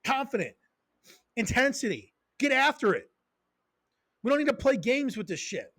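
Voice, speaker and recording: A man's voice: very high voice, big pitch swings, normal speed, a bit bright, no room sound, studio quality. A man hosting a podcast as a strength coach, ranting in a casual, profane, fired-up way with many tangents and punchy repeated phrases. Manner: emphatic repeated short phrases.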